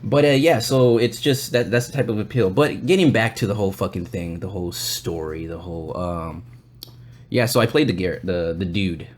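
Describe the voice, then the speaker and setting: A man's voice: low-pitched, normal speed, slight background noise. A man hosting a podcast, telling a long story in a loose, rambling way with a lot of swearing. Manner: acts out other people's lines in quoted voices. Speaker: podcast host. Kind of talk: casual storytelling chat.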